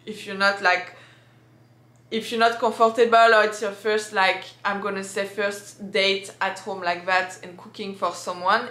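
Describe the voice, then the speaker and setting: A woman's voice: medium pitch, bright, forceful tone. A young woman from France with a French accent, chatting casually in a vlog with many fillers and restarts. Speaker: vlogger. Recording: echoey room.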